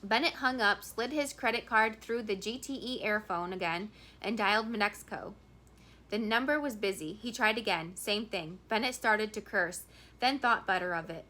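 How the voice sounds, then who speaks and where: Bright-voiced woman reading a novel. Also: medium pitch, moderate pace. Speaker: audiobook reader.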